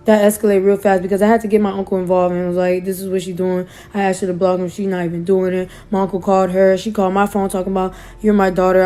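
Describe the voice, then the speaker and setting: A woman's voice: mid-range voice, dark tone. Young woman retelling a painful story. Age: young adult. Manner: emotional, quotes others in conversation. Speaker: storyteller recounting her own experience. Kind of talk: casual personal retelling.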